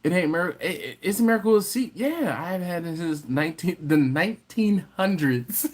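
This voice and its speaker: A man, his voice sitting a touch high, hosts a relaxed late-night livestream. He reads out viewer comments and teases the chat in a loose, playful way. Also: normal speed. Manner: playful, teasing, banters with chat. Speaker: livestream host. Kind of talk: casual live chat reading comments.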